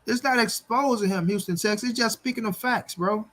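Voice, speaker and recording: Boxing livestream host, man, high-pitched, blunt and profane, hammers each point home. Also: fairly quick, a bit bright. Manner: blunt, profane, talks straight to viewers; repeats his points for emphasis. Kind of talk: livestream commentary rant.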